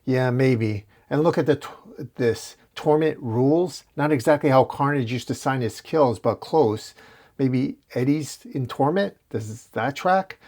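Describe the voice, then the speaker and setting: A man's voice: mid-range voice, unhurried, darkish tone. A man voicing a wisecracking young male superhero in a comic recap, full of jokes. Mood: worried. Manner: joking, quippy.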